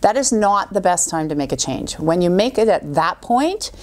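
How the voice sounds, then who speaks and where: A middle-aged woman who speaks as a podcast guest, with a fairly low voice for a woman. She is an animated storyteller and acts out what people say in little quoted voices. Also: moderate pace. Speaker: guest coach. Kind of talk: podcast interview.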